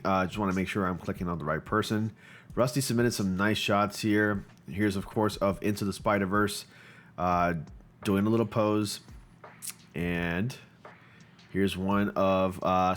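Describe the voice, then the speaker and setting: A man hosting his channel, giving casual, excitable commentary with gushing reactions and frequent fillers. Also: sits low, a little hiss or hum. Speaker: channel host reviewing fan photo submissions.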